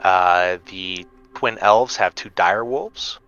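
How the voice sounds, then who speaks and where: A man runs a tabletop role-playing game, describing the scene in a relaxed, hesitant way. His low voice has a bright, ringing tone. Faint music plays under him. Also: slow pace, smooth, muffled recording. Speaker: game master.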